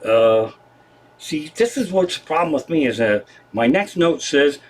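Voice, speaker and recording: A husky-voiced male comedian who rambles from one topic to the next on a home livestream. He swears freely, and his pitch swings up and down a lot while he talks. His voice sits a bit on the high side for a man. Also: very animated, normal speed. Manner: profane, rambling, digressive. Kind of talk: rambling stand-up monologue on a livestream. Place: living room at home.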